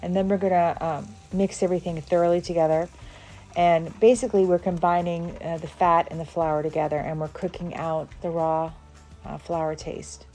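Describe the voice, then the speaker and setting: A woman's voice: on the low side, little pitch movement, moderate pace, darkish tone, soft background music. A woman from the Southern United States hosting a cooking channel, chatting casually through a recipe with fillers and small laughs. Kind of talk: casual cooking demonstration voice-over.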